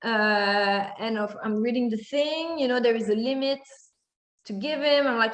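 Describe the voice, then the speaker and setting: A woman's voice: on the high side, moderate pace. A woman in her thirties telling a personal story in a monologue, acting out her own reactions with many fillers. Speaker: spiritual content creator. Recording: echoey room.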